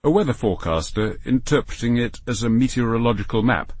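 A man narrating an audiobook in a measured, wry way, recorded in a dry, close studio. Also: medium pitch, animated, a little mellow, breathy edge.

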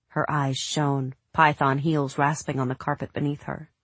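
A woman narrating a novel as an audiobook in a measured, literary reading. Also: low-pitched, little pitch movement, dry recording. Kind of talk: scripted narration.

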